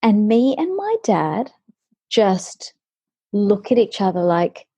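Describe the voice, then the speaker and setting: Husky woman telling a lively story. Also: medium pitch, takes it slowly, dry recording. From Australia. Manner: animated storytelling. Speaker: guest, singer. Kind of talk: casual chat. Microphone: video call.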